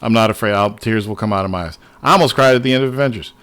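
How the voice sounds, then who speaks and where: A man hosting a casual livestream, talking excitedly and swearing often as he rambles to his viewers. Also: fairly low pitch, rapid-fire. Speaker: livestream host.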